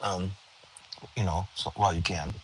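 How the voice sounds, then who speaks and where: Bright-voiced tired man chatting on a livestream. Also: low voice, steady tone, moderate pace, a little hiss or hum, rough recording. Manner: chatty, rambling, reads and answers chat comments. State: tired, yawning. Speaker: livestream host. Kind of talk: casual livestream chat. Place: his bedroom.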